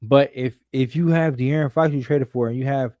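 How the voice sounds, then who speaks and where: Animated, profane man, dry sound. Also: medium pitch, normal speed, no echo. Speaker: podcast co-host. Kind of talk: casual sports talk.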